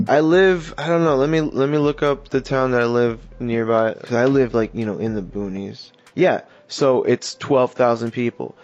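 A man's voice: medium pitch, normal speed, few pauses, a little mellow, dull audio. A man hosting a casual true-crime podcast, talking loosely with plenty of swearing and reading articles aloud with offhand asides. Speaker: podcast host.

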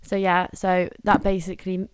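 A woman's voice: on the low side, level tone, moderate pace, clean tone, dry recording. Laid-back, teasing young Englishwoman. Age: young adult. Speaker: podcast co-host. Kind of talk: casual chat.

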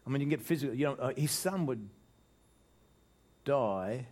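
Animated Australian pastor preaching. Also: male voice, medium pitch, normal speed. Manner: animated preaching with jokes and frequent restarts, voice swelling for emphasis. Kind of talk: sermon.

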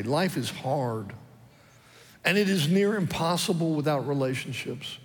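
A man preaches with an earnest pulpit delivery, his voice sitting a little higher than most men's. He leans on his key phrases and says them twice. A long church-hall reverb trails every line. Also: animated, measured pace. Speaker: pastor. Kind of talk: sermon. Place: church sanctuary.

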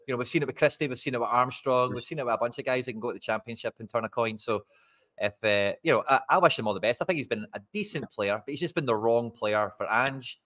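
A Scottish man co-hosting a football podcast, chatting quickly with a dry, close sound. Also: mid-range voice, a bit bright, no echo. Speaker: podcast co-host. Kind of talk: casual football chat.

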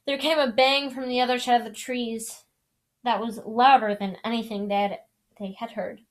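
A woman's voice: a little high, fairly even intonation, normal speed. A young woman reading a novel aloud in a casual, apologetic way, often restarting lines. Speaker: reader. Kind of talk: amateur audiobook reading.

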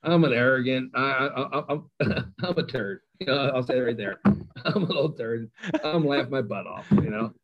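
Middle-aged male coach, lively self-deprecating storyteller, mid-pitched, slightly muffled lo-fi recording. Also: moderate pace. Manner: animated, self-mocking storyteller. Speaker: high school football coach. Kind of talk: storytelling in an interview.

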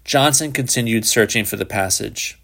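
A man narrating a literary short story in a measured, unhurried reading. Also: on the low side, gravelly, fairly bright tone.

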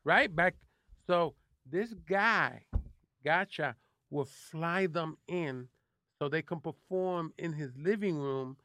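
A man from New City, a guest telling animated, profane stories with lots of restarts. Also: fairly high pitch, slow pace, no room sound. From New York City. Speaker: guest actor. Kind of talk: casual interview storytelling.

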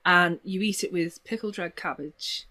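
A woman with a Liverpool accent chats and tells stories, her fairly low voice leaping high whenever an anecdote gets going. She laughs often and talks with lively, easy animation. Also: moderate pace. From Liverpool, England. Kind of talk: casual chat.

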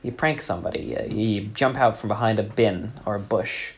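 A man telling a deadpan comic story in a rambling way, with many fillers. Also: fairly low pitch, normal speed.

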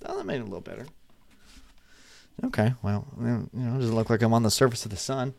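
A man's voice: mid-range voice, fast talker, creaky, darkish tone. A young man chatting casually to his webcam at his desk, rambling and swearing with laughing asides. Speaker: vlogger. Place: room at a desk. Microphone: desk webcam setup.

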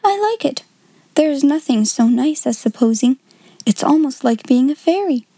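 A woman voicing a gentle, imaginative young girl who speaks softly and wonderingly. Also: sits high, lively intonation, normal speed, dry recording. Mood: dreamy.

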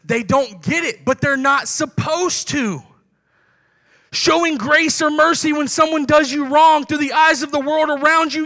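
A man's voice: very high-pitched, pushed and bright. A young man preaching a sermon to his congregation in a conversational way, acting out little dialogues.

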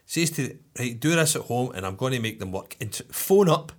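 A man casually telling a story on a podcast, animated, cursing freely and checking in with his listener. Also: mid-range voice, fairly quick.

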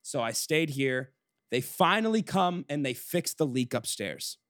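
A man's voice: fairly high pitch, expressive, measured pace, a bit bright, no echo, studio quality. A young man hosting a podcast, telling a long story in a casual chat with lots of swearing and restarts. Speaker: podcast host.

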